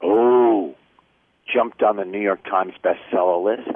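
A man's voice: lowish voice, slow, a little hiss or hum. An older man chatting casually as a guest, telling stories and jokes. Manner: chatty, jokey storyteller. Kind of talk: casual chat. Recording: tinny phone line.

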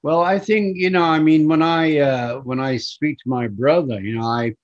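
Halting Lancashire man, muffled audio. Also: a little high. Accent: Lancashire, softened by decades in America. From northern England. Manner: reflective, halting, repeats words when starting. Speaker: guest musician. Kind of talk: casual interview chat.

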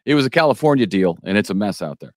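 Deep-voiced man co-hosting local news. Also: lively intonation, a little mellow, dry recording, studio quality. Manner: halting, restarts often, opinionated asides. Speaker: local news podcast co-host. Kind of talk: casual news chat.

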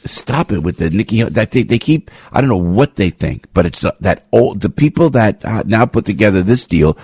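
A man's voice: breathy edge, no echo. An older man, hosting talk radio in a fired-up, rambling opinion monologue. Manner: fired-up, rambling, swings from low to loud. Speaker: radio talk show host.

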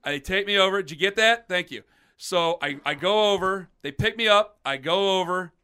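A man's voice: high-pitched, moderate pace, smooth. A man hosting a podcast, telling a long personal story in casual chat and acting out what others said. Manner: animated, acts out quotes of others. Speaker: podcast host.

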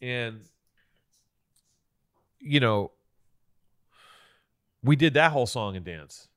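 A man's voice: medium pitch, expressive, slow pace. A man co-hosting a podcast, telling a long story in casual chat, swearing often and restarting his sentences. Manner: rambling, profane storytelling with many restarts. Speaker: podcast co-host.

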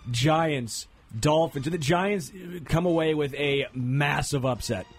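A man hosting a sports talk show, making picks and teasing his co-hosts with animated, excitable banter. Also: a little high, slow, soft background music.

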